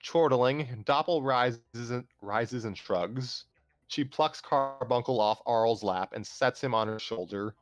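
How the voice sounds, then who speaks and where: A man calmly narrating a fan story aloud on a livestream, steady with small restarts. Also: mid-range voice, takes it slowly, dry recording. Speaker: storyteller host.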